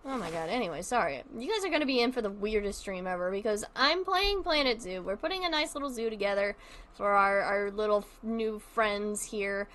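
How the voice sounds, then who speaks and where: A woman's voice: medium pitch, lively intonation, normal speed, fairly bright tone. A woman streaming a game in casual chat, rambling and chatty, often trailing off, restarting and swearing casually. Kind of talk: casual chat while playing a zoo-building game.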